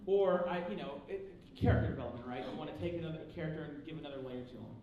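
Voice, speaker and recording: A man's voice: a little high, very fast, warm tone, lo-fi sound. A man telling stories to a live audience at a panel, bursting into raised voices to act out what other people said. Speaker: panel speaker. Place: large convention hall. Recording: echoey hall from far off, crowd noise. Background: audience laughter.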